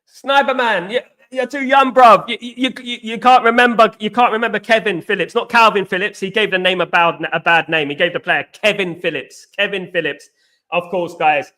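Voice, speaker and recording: A young man hosting a casual football live stream, greeting viewers by name and repeating himself, his voice going hoarse. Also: high-pitched, steady tone, moderate pace, pushed and bright. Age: young adult.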